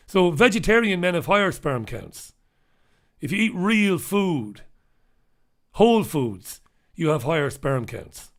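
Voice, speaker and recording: With a voice a little higher than most men's, sing-song and unhurried, a host reviews newspapers on a live solo show. He is impassioned and emphatic, hammers his points home by repeating them, talks bluntly, and swears when angry.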